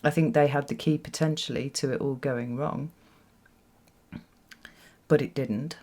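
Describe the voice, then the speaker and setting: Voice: medium pitch, steady tone, measured pace, darkish tone. A tarot reader giving a solo reading to camera in a reflective way, often repeating words for emphasis and checking in with "right?". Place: home with children nearby.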